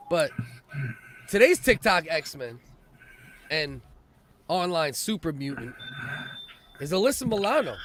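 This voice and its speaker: A man co-hosting a podcast, trading crude, mocking jokes and rants in casual banter. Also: fairly high pitch. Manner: profane, animated, mocking. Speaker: podcast co-host.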